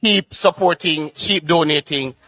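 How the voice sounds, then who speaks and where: High-voiced man hosting a telethon. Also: unhurried, sharp tone, poor audio. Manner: upbeat, auction-style calling. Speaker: telethon host. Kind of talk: live fundraising hosting.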